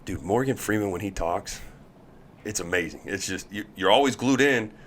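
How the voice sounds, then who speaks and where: A man telling stories as a podcast guest, lively and acting out the people he quotes. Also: fairly low pitch, normal speed, a little hiss or hum. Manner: animated storyteller, acts out quoted voices. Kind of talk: casual storytelling chat.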